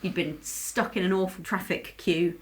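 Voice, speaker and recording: Woman, kinda low voice, chatting and teasing her friends about their game night. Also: steady tone, moderate pace. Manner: teasing, chatty, describes the scene to listeners. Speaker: podcast co-host. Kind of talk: casual chat.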